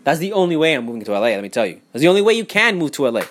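A man's voice: a little high, sing-song, very fast. Fired-up young man ranting. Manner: heated, profane, repeats himself, swings loud and quiet. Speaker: vlogger. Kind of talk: profane casual rant. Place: home in Miami.

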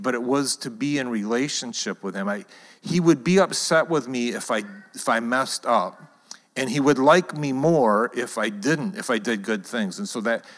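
Low-voiced man speaking in a reverberant hall. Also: a bit bright. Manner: conversational, personal storytelling. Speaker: church leader. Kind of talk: church talk to a congregation.

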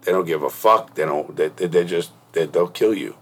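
A man's voice: sits low, moderate pace, slight background noise. A middle-aged man hosting a podcast, telling blunt, profane stories in casual interview chat. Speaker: podcast host.

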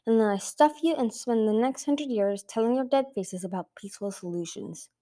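A woman voicing a massive, scarred, vicious female dragon who hisses her lines slowly and with menace, in an amateur audiobook reading. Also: a little high, dark tone, close to an everyday voice. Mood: menacing. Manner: hissing, slow and menacing.

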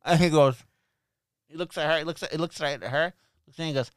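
A podcast host tells a story in casual chat, swearing and laughing as he goes. His voice is a little high and clear with a resonant tone, and he talks fast, recorded in clean studio sound with no echo.

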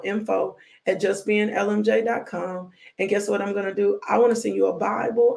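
A woman minister delivering a fervent devotional blessing in a gravelly voice. Her pitch stays flat and even as she repeats blessing after blessing, now and then breaking into whoops.

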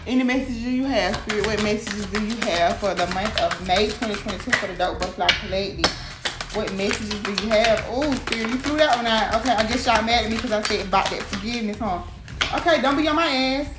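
A woman doing a casual tarot reading, animated and profane, talking straight to her viewers. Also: medium pitch, a little fast. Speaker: tarot reader. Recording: echoey room with clear background noise.

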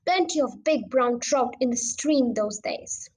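A woman voicing an elderly male country doctor who is fiery and mischievous, in a storybook reading with lively emphasis. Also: on the high side, measured pace, slightly rough, low-quality recording. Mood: reminiscing.

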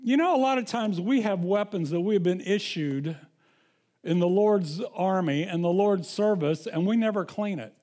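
High-voiced man preaching a sermon. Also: moderate pace, mellow. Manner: conversational preaching with restarts and scripture reading. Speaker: pastor.

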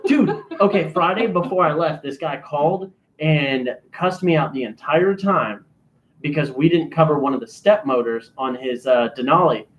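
A man telling crude, animated stories on a casual podcast, acting out both sides of phone calls. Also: on the high side, normal speed. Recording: slightly dull lo-fi mic.

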